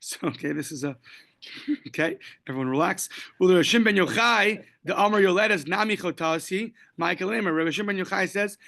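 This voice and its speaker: A man's voice: sits high, brisk, gravelly, bright, forceful tone. A man teaching a daily Talmud class, explaining the text step by step, quoting Aramaic and Hebrew phrases and joking lightly along the way. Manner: casual, joking asides.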